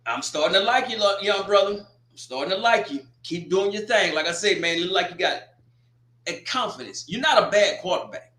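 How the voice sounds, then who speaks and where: A man giving a casual, animated football score recap, joking and exclaiming as he goes. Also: sits high, echoey room. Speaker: sports commentator.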